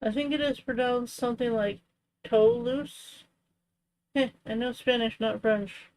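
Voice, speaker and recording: With a fairly high voice at a moderate pace, a young woman hosts a crafting livestream. She chats and rambles casually, leaning on "like" and "you know," and the audio is poor.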